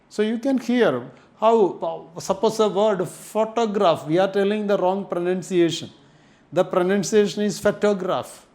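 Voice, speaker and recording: Guy teaching english w a kerala accent, kinda high voice, slow and careful, spells stuff out. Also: a little mellow. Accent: Kerala Indian English. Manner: deliberate, spells out words letter by letter. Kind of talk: live online class lecture.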